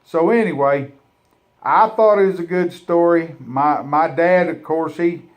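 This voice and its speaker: Rambling man spinning a yarn. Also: a little high. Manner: drawling, rambling, halting restarts. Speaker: storyteller. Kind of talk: humorous folksy storytelling.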